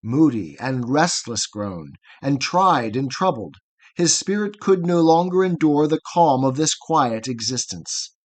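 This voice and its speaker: A man's voice: medium pitch, very animated, a little slow. A man reading as a hearty old herdsman. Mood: reassuring. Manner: cheerful, reassuring. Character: hearty older male herdsman, former blacksmith.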